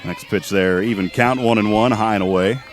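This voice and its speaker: A man calling a college softball game play by play, chatty and quick with statistics, joking with his co-host. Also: on the low side, a faint crowd. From Texas. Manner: chatty, rattles off stats, jokes with co-host. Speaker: play-by-play announcer. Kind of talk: sports play-by-play commentary. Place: outdoor softball field.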